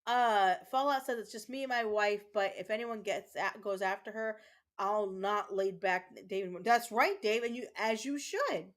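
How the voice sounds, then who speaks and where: A woman's voice: mid-range voice, unhurried. A woman streamer, a mother, angrily ranting to her chat while playing a game, swearing and repeating herself. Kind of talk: casual livestream chat while gaming.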